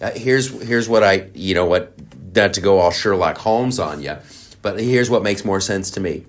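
Low-voiced man ranting, profane and sarcastic. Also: normal speed, a bit bright. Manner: rambling with frequent restarts. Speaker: political commentator. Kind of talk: ranting monologue.

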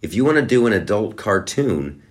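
A man's voice: fairly low pitch, sing-song, moderate pace. A middle-aged man hosting a podcast, talking in a sarcastic, rambling way with many restarts. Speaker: podcast host. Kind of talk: casual monologue.

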